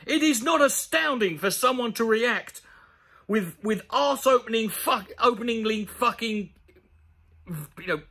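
A man's voice: very high voice, expressive, a little slow, bright, forceful tone. A man ranting sarcastically and profanely as he reads an article aloud and picks it apart. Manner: sarcastic, profane, exasperated asides. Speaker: comedy YouTuber. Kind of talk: sweary comedic rant reading an article aloud.

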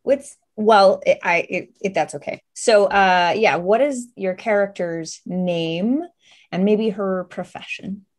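A woman's voice: mid-range voice, takes it slowly. A woman running a tabletop horror game as game master, upbeat and chatty as she introduces players and sets the scene.

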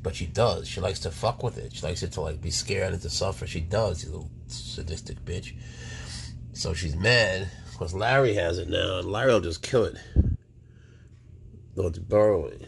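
A man's voice: sits low, moderate pace, vocal fry, noisy background. A man who keeps exotic pets, chatting casually to his animals and coaxing them, with muttered swearing asides. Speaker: exotic pet keeper.

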